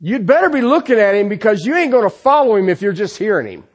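A man's voice: high voice, sing-song, fast talker. A man preaching a sermon who keeps asking rhetorical questions and checking in with the congregation with "okay?", telling stories with animation. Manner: peppers his points with rhetorical questions and "okay?".

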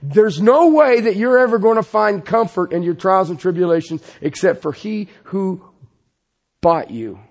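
A man preaching a sermon as pastor, swinging from loud insistence to hushed, pleading passages. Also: sits high, lively intonation, moderate pace.

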